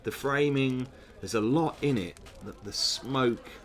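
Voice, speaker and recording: A man's voice: mid-range voice, measured pace. A man, hosting a gamebook session, reading aloud and chatting in musing asides. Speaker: host playing a gamebook.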